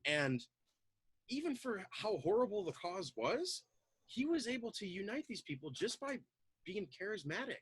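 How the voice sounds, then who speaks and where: A man chatting loosely on a talk show, loud and excitable, acting out little quoted voices as he goes. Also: high-pitched, normal speed, slightly rough, no room sound, rough recording. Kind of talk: casual chat, animated storytelling.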